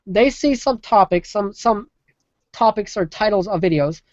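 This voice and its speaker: A woman hosts a loose call-in talk show, sharing opinions with emphasis and restarting her sentences often. Her voice sits at a middle pitch, and the recording is dry and lo-fi. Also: measured pace, dry recording. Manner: emphatic, rambling with many restarts. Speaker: podcast host. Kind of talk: casual opinion chat.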